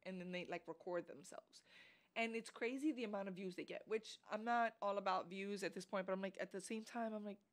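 A woman's voice: mid-range voice, brisk. A woman co-hosting a podcast in casual chat, speaking thoughtfully and often restarting as she searches for words. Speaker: podcast co-host.

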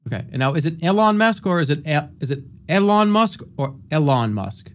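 A man's voice: on the high side, big pitch swings, moderate pace, few pauses. A man in his thirties streaming from home, reading out chat answers and joking through a quiz game. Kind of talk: casual livestream commentary.

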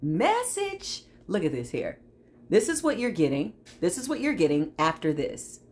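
A woman with a deep, darkish, sing-song voice gives a tarot reading to her viewers at a moderate pace. Her spiritual monologue is sassy and preachy, full of laughs and asides.

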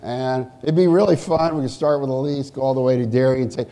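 A pastor preaching a sermon in church, animated, swinging from loud emphasis to hushed asides. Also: male voice, mid-range voice, quick pace. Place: church sanctuary.

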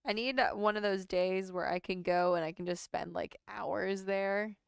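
A woman's voice: medium pitch, steady tone, moderate pace, gravelly, clean tone, dry recording, clean studio sound. A woman chatting casually at home as she works on a sewing pattern and coos baby talk to her cat. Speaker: sewing vlogger. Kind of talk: casual chat while sewing.

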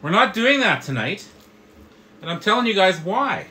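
Bright-voiced barbecue instructor, a man. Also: high voice, big pitch swings, moderate pace, poor audio. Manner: friendly, explanatory, addresses viewers as guys. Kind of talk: live cooking tutorial.

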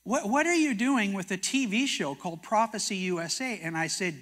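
Older Canadian man preaching to a room, high and bright voice, folksy storyteller with quoted dialogue. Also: animated, normal speed. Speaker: prophecy teacher and TV host. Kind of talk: sermon-style storytelling talk.

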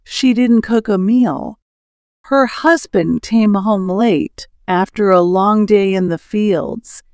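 A woman narrating a simple story for English learners, reading with careful, measured delivery. Her voice is very slow and crisp, with a dry, close sound. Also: medium pitch, a little mellow, dry recording.

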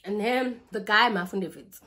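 A vlogger in her twenties with a South African accent eats while telling a story in casual storytime chat, switching languages mid-sentence; she has the flu and a cough. Her voice is medium-pitched and sharp, at normal speed.

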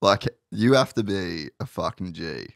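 A man hosts a podcast in a gravelly, deep voice that has plenty of fry. He talks excitedly, swearing and throwing in "bro" and "dude" as he jumps in with reactions. The close mic sounds dry. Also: unhurried, no echo. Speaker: podcast host. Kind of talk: casual podcast chat.

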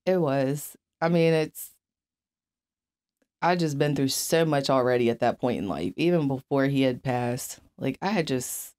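A woman's voice: very deep voice, lively intonation, measured pace, darkish tone. A young woman as an interview guest, telling her life story candidly and bluntly, with frequent swearing and fillers. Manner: blunt, profane, many fillers.

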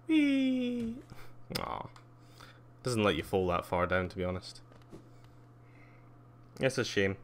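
A man giving live gameplay commentary, excitable, squealing at jumps, laughing often and chatting with viewers. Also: deep voice, unhurried, pauses often, clear, resonant tone. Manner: excitable, squeals gleefully at jumps and mocks himself; chats with viewers while playing, laughs often. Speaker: streamer playing a video game.

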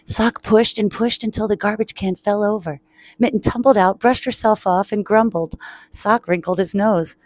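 A woman reading a children's picture book aloud in a quiet, playful voice, joking and giggling in a public laundromat. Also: medium pitch, moderate pace, dry recording.

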